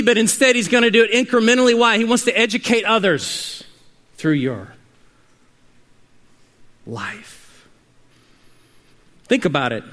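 Man, preacher, high voice, bright tone, dynamic sermon delivery, swings from hushed to shouting. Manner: dynamic storytelling, rising to shouts at climaxes.

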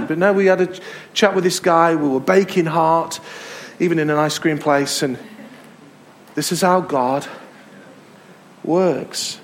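An English man preaching from the pulpit with a high-pitched voice. He tells stories in a lively way and hammers home his points by repeating them. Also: normal speed, long pauses, a little hiss or hum. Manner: storytelling, emphatic repetitions. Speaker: pastor. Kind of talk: sermon. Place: church hall.

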